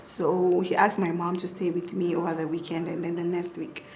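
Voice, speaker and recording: A young woman doctor with a Ghanaian accent, telling lively stories in a casual interview and laughing often. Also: fairly low pitch, moderate pace, a little hiss or hum. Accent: Ghanaian English. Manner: animated, laughing, acts out quotes. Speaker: pediatric doctor and mother, guest.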